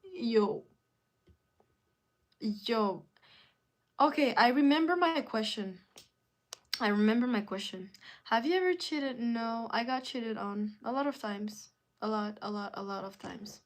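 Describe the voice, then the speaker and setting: A woman's voice: a little high, lively intonation, measured pace, long pauses. A woman hosting a live stream in casual chat, answering viewer comments with emphatic, repeated phrases.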